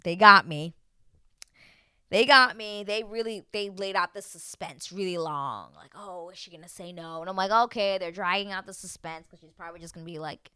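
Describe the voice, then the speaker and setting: A woman's voice: mid-range voice, unhurried, dry recording. Chatty woman doing a tv recap, swears a lot, voice all over the place. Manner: chatty and expressive, swears freely, acts out quotes. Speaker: TV recap vlogger. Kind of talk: casual reality-show recap.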